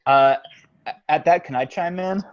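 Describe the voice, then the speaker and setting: A man playing in a tabletop game, talking in a hesitant, halting way. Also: a little high, highs cut off, faint music behind. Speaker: player. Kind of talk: tabletop role-play.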